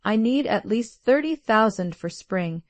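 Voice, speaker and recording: A woman's voice: on the high side, expressive, unhurried, no echo. A woman voicing an entitled, demanding sister with a snappish, sneering way of talking. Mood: snide.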